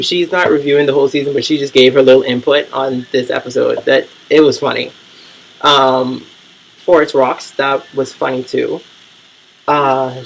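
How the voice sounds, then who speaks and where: A man's voice: mid-range voice, vocal fry, a little hiss or hum, low-quality recording. A man vlogging casual reality-TV commentary, blunt, profane and gossipy.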